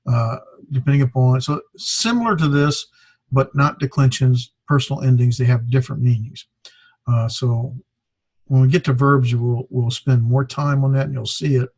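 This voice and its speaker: A man's voice: mid-range voice, normal speed, a little mellow, no echo. A man teaching a beginner Greek class, talking off the cuff with many fillers and self-corrections. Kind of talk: classroom lecture.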